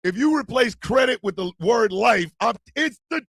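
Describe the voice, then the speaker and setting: A man hosting a podcast, loudly joking and bursting into song and laughter. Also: extremely high pitch, expressive, normal speed, creaky, hardly any pauses, slightly rough, dry recording. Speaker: podcast host. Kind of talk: rowdy comedic podcast banter.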